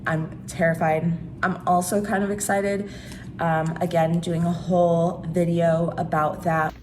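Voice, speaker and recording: A woman's voice: fairly low pitch, flat delivery, unhurried, a little mellow, poor audio. A woman chatting casually in a daily vlog, talking to viewers with plenty of "like" fillers. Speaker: vlogger. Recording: noticeable background noise.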